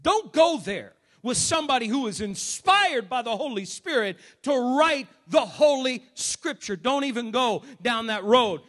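A man preaching a sermon in church as pastor, emphatic, swinging between shouts and hushed asides. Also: extremely high pitch, expressive, unhurried, hardly any pauses. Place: church service.

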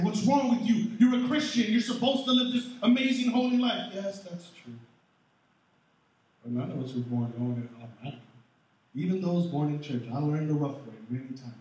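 Animated male pastor in an echoey church. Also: medium pitch. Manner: animated preaching, swings loud and soft. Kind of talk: sermon. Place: large church hall. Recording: echoey hall, mic far off.

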